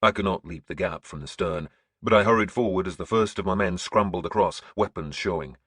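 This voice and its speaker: Deep husky guy reading an audiobook, grim and steady. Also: fairly quick, no echo, clean studio sound. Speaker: audiobook narrator. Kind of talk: scripted audiobook narration.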